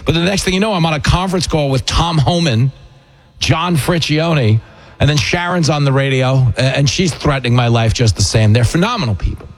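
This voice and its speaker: A man's voice: a little high, brisk. A man hosting a radio talk show, chatting casually and telling stories with self-deprecating jokes. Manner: self-deprecating, jokey storyteller.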